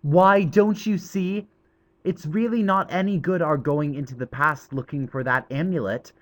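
A man's voice: fairly high pitch, moderate pace, voice pushed up, lightly acted. A man reading an audiobook voices an impatient, thoughtful schoolboy. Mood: musing. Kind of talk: audiobook character voice.

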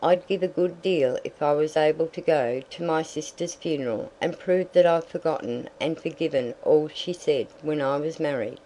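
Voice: mid-range voice, moderate pace, few pauses, dark tone, a little hiss or hum, lightly acted, rough recording. A reader voicing a stoic, plain-spoken farm mother in an audiobook, firm and direct. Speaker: story character. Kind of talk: audiobook reading.

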